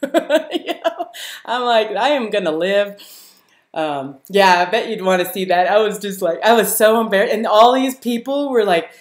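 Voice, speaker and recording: A woman hosting a live stream, telling a story to her viewers in a casual, animated way, laughing often and using many fillers. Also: medium pitch, normal speed. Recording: roomy echo.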